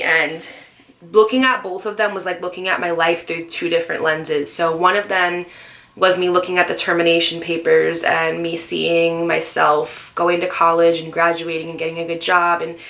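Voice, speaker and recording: A young woman in her twenties tells her own story straight to the camera, candid and emotional, with plenty of "like" and "um". Her voice sits a little low but sounds bright and clear. It is an intimate, personal vlog storytime. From Northeastern US. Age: 20s. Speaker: vlogger.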